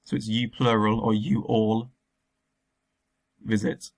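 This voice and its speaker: A man's voice: lowish voice, flat delivery, slow pace. A man teaching a recorded remote lesson, explaining patiently step by step with frequent ums.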